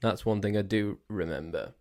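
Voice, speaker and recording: A man's voice: on the low side, moderate pace, a little mellow. Rambling man on a podcast. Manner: rambling, trips over his words; jokey, self-mocking. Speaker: podcast host. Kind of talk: casual solo podcast monologue. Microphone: desk mic on a stand.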